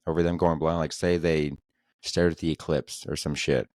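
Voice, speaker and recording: A man's voice: sits low, fairly even intonation, normal speed, darkish tone, dry recording, studio quality. A man hosting a solo podcast, rambling casually with profane jokes. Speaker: podcast host.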